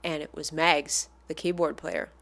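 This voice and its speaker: A woman casually telling a personal anecdote as a fan, animated and acting out the people she quotes. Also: low-pitched, measured pace, gravelly. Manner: animated, acts out the voices of the people in her story.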